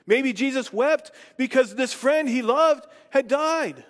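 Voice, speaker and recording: A man preaching a sermon and reading scripture, with slow dramatic pauses and emphatic questions. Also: extremely high pitch, in a large hall. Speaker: pastor.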